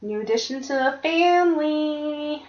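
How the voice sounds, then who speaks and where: A woman's voice: high-pitched, lively intonation, a little slow, a little hiss or hum. A woman co-hosting a casual podcast, blunt and swearing freely. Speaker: podcast co-host. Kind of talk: casual chat. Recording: roomy, dull lo-fi podcast recording.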